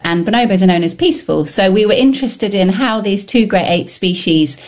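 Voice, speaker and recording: A woman scientist answering questions in an interview, explaining her findings in a lively, engaged way. Her voice sits at a middle pitch. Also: brisk. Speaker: scientist guest.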